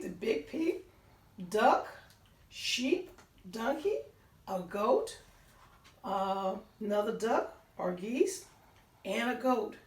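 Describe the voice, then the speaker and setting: A woman reading a picture book aloud to children, pausing to point out pictures and count along. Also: fairly high pitch. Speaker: storytime reader. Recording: roomy sound, voice distant from the mic.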